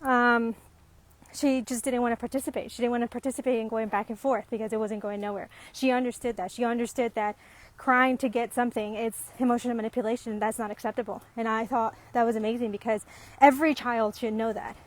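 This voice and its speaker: A woman's voice: on the high side, steady tone, a little fast. A woman talking to camera as a parent in a casual, reflective monologue, rambling with many ums and restarts, earnest and growing emphatic. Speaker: parent vlogger.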